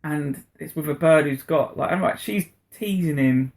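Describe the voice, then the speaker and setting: A man's voice: a little high, normal speed. A man co-hosting a podcast, retelling scenes in casual chat and acting out quotes. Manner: animated storyteller, acts out quotes. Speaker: podcast co-host.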